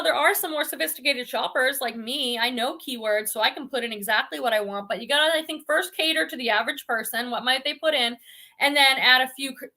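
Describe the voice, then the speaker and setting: Woman, from the Boston area, livestream host, casual chat, high voice, bright tone, bubbly. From Boston area, New England. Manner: chatty and bubbly, laughs often. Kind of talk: casual live-stream chat reading viewer comments.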